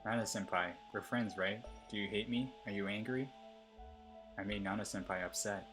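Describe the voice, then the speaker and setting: A man voicing a clingy, obsessive schoolgirl stalker as he reads her text messages aloud in a plain, even voice. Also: fairly low pitch, normal speed, music in the background, lightly acted.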